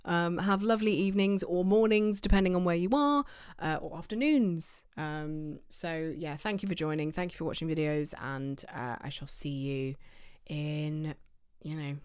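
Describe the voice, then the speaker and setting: Low-voiced English woman chatting on stream. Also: moderate pace, a little mellow, clear, resonant tone, dry recording, studio quality. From England. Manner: chatty, rambling, many fillers and restarts. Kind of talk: casual livestream chat.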